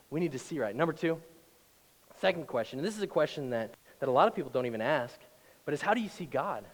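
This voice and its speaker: A male pastor giving a conversational sermon that builds to loud, emphatic passages, recorded in a church auditorium. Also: fairly high pitch, lively intonation, fairly quick, pauses often. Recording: long hall reverb.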